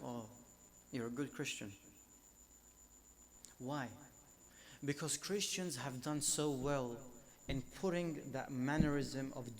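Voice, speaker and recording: A man's voice: medium pitch, slight background noise. A man delivering a religious lecture at an Islamic centre, speaking emphatically and building up force on repeated phrases.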